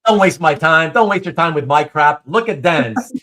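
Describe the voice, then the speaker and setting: A man hosting a casual livestream chat, reading viewer comments aloud, with animated speech and stumbling restarts. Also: on the high side, moderate pace. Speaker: host.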